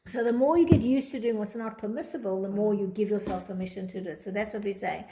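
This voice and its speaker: A woman teaching a class in a room with a lot of echo, her voice pitched in the middle range. She talks quickly and lively, and she acts out the thoughts she quotes in different tones. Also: background noise. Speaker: teacher of Torah psychology. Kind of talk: class talk reading and explaining a text. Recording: echoey room.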